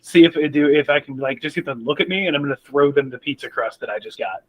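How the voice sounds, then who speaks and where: Excitable swearing man at a game table. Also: on the high side, fast, muffled recording. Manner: excitable, swears often, stammers restarts. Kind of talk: in-character tabletop play.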